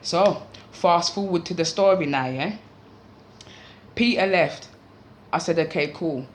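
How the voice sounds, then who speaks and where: A young woman telling a story casually, in an animated, slangy way, swearing freely. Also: fairly low pitch, takes it slowly, slight background noise.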